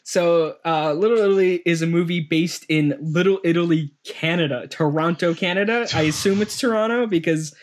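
Male podcast co-host, slightly high voice, rambling and easygoing, laughs a lot. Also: normal speed, hardly any pauses. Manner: rambling, laughs often, many fillers. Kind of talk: casual movie-review chat.

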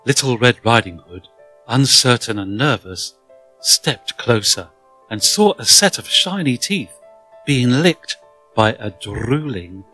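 A man reading a children's story aloud in an expressive, dramatic manner. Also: medium pitch, slow pace, breathy edge, faint music behind, low-quality recording.

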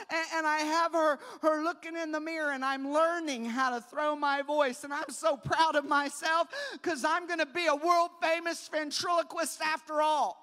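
A woman preacher telling a childhood story in a sermon, moving between soft storytelling and loud preaching. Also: high-pitched, big-room sound.

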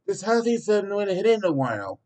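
A man's voice: high voice, very animated, fast talker, a little mellow, voice pushed up. A man doing an eager young boy's voice. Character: young boy, eager and earnest.

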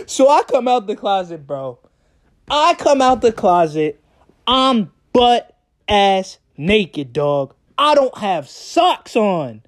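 A young man telling a story in a casual vlog, animated and profane, often breaking into laughter. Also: sits high, takes it slowly. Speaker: vlogger.

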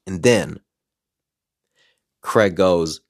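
A man casually telling a story as a podcaster, excited and animated, acting out what people said. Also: low-pitched, extremely slow, dry recording, studio quality. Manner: excited, animated retelling with quoted voices.

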